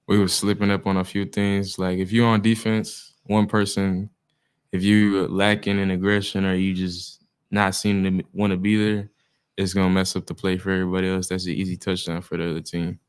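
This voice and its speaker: A young man, a football player, talks in a low, even, smooth voice. His speech is relaxed and informal, full of "we be" phrasing and hesitations. The pitch stays flat and steady. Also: fairly quick. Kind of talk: casual interview chat.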